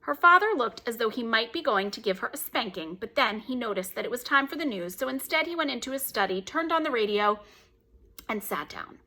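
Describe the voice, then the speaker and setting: Expressive female storyteller for a children's read-aloud; bright, higher voice. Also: a little fast. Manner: expressive, animated.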